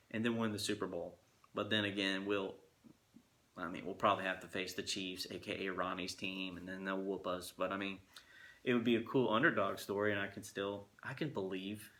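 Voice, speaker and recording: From his living room, a young vlogger talks casually to camera for his viewers, drifting along with relaxed asides. His voice is on the low side, pushed and bright.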